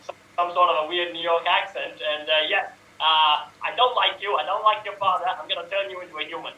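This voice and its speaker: A man's voice: sits high, fairly even intonation, normal speed, pushed and bright, highs cut off. Man doing a scheming underworld god. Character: Hades, scheming male underworld god with a New York accent.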